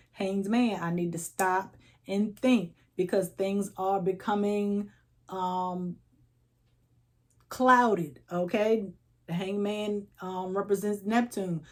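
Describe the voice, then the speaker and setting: A woman's voice: mid-range voice, darkish tone. A woman giving a casual tarot reading, telling it like a story, acting out little voices and checking in with "okay?" all the time. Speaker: tarot reader.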